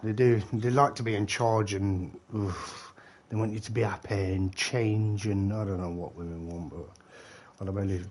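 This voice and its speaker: A man's voice: on the low side, fairly even intonation, moderate pace, darkish tone. Forties man, gamer, chatty and swearing, frequent laughter. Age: 40s. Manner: rambling, laughs often, swears. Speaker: game streamer. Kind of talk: casual chat.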